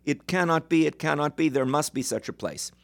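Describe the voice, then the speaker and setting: A desperate young viceroy, put on by a man telling a folk tale, who begs for help again and again. The pleading voice is pitched up and louder than the teller's own. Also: brisk, creaky. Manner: pleading, tearful emphasis.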